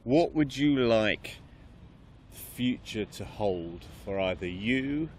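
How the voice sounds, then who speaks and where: A man's voice: on the low side, lively intonation, slow pace, darkish tone, slight background noise. A man hosting an improv podcast, asking questions in a playful, upbeat way. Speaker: podcast host. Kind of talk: casual interview.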